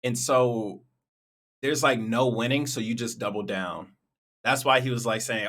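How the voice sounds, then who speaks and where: Bright-voiced man in casual commentary. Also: mid-range voice, measured pace. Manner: casual, chatty, talks to viewers. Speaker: reaction video host.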